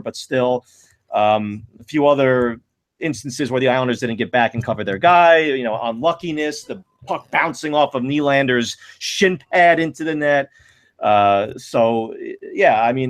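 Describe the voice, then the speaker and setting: A man co-hosting a casual sports podcast, giving long rambling analysis full of fillers. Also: mid-range voice. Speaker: podcast co-host.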